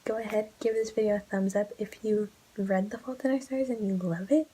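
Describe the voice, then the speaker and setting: A woman's voice: medium pitch, steady tone, fairly quick, dark tone, husky, rough recording. A young woman gushing about a book in a casual vlog, emotional and casually swearing, often dropping into whispers. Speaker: book vlogger.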